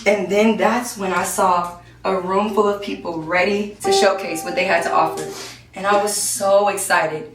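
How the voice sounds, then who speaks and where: A young woman from Kansas City, Missouri, telling her own story in a one-woman stage show, lively and playful. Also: medium pitch, normal speed. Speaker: solo performer. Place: stage in a performance space. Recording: roomy live stage, distant mic, music.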